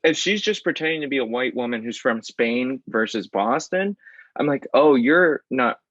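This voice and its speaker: A man's voice: mid-range voice, lively intonation, moderate pace, a bit bright, no room sound, muffled recording. Self-deprecating man in casual chat. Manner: hedging, self-deprecating, laughs often. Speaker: podcast co-host.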